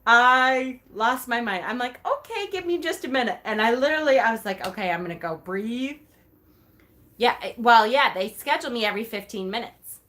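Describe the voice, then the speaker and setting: A woman vlogger telling a story about her day in a casual, animated way, laughing often and acting out her own reactions. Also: on the high side.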